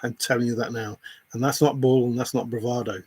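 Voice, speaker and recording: A man's voice: mid-range voice, fairly even intonation, brisk, a little mellow, slightly rough, no room sound. A man livestreaming, confronting a viewer in chat with an angry, repetitive, swearing rant.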